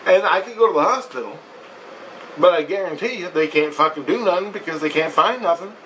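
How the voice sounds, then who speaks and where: A man's voice: fairly high pitch, animated, brisk, a bit bright, distant mic, rough recording. A man rambles through a harrowing personal story, swearing freely and circling back on his words. He sits somewhat back from the mic, and a faint hum of ambient noise runs underneath. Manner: profane, emotional, rambling with restarts. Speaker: vlogger recounting a spiritual experience. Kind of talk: casual storytelling to viewers.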